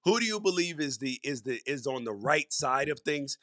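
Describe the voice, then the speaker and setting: Bright-voiced man hosting a sports podcast. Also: mid-range voice, animated, moderate pace, no room sound, clean studio sound. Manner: conversational, emphatic, repeats for stress. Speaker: podcast host. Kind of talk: solo sports commentary.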